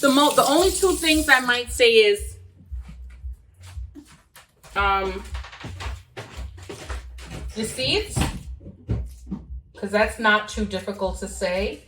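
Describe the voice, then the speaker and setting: A woman's voice: a little high, expressive, slow pace, long pauses, roomy sound, recorded from a distance, music in the background, low-quality recording. A young woman born in Jamaica, chatting casually while she cooks and trying out patois phrases. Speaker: cooking vlogger. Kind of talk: casual chat while cooking.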